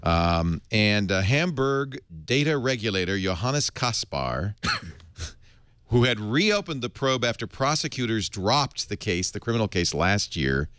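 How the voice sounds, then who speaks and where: A man's voice: lowish voice, a little slow, smooth, no room sound, clean studio sound. A middle-aged man hosting a podcast, reading tech news in a casual, wry way. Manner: wry, animated, slips into comic voices. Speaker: podcast host.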